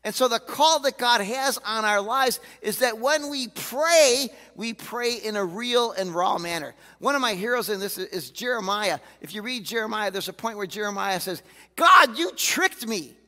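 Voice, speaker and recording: A man preaching a sermon as a pastor, candid and animated, often acting out the voices he quotes. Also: high-pitched, moderate pace, few pauses. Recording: reverberant hall.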